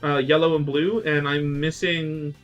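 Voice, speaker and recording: A man with a fairly high voice chatting casually on a podcast. He rambles with plenty of fillers and jumps into playful quoted voices. Faint music plays underneath. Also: a little slow, dull audio. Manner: excited rambling with many fillers, acts out quotes. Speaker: podcast co-host. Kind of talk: casual chat.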